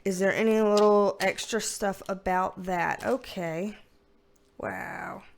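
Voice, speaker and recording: A woman's voice: mid-range voice, fairly even intonation, unhurried, a little hiss or hum. A woman giving a casual tarot reading on video, chatty and emotional, rambling with many fillers. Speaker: tarot reader.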